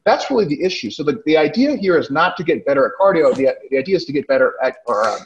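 A man's voice: on the high side, big pitch swings, fast talker, dull audio. A man co-hosting a webinar, explaining points in casual chat and often checking with "right?". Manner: explanatory, keeps asking "right?". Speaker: co-host. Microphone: video call.

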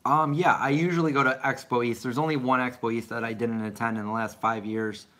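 A man's voice: mid-range voice, fairly even intonation, fairly quick, bright, forceful tone. A middle-aged man rambling casually as he answers viewer questions on a live stream. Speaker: vlogger answering live chat.

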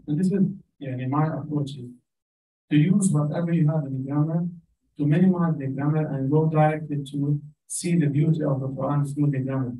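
A man's voice: on the high side, warm tone. A man with an Arabic accent, speaking Arabic natively, teaches Quranic Arabic in an informal lecture, earnestly restarting his phrases as he goes. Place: community center hall. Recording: echoey hall, from far off.

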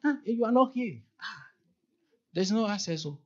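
Male church elder, sermon, lively and emphatic, acts out quotes, lo-fi sound. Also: high voice, moderate pace. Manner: lively preaching, rising to emphatic peaks, acts out quoted dialogue. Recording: dull, lo-fi sound.

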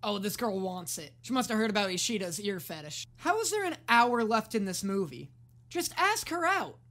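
A woman hosting a reaction video, giving casual, sarcastic commentary, swearing freely and often yelling at the screen. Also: medium pitch, sing-song, a little fast.

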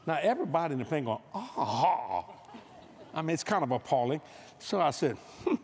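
Man, preacher, comic storytelling, high voice, sweeping pitch, noisy sound effects. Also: rapid-fire, vocal fry. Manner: animated, acts out scenes with sound effects. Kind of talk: humorous sermon storytelling. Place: convention stage before a live audience.

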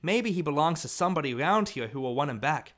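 A man reading an audiobook, voicing a calm, reasonable frontier mother persuading her son. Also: on the high side, fast talker.

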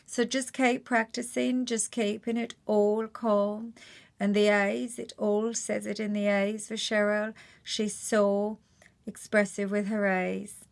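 A woman's voice: medium pitch, little pitch movement, slow pace, vocal fry. A chatty, encouraging Geordie woman impressionist giving a tutorial on doing impressions.

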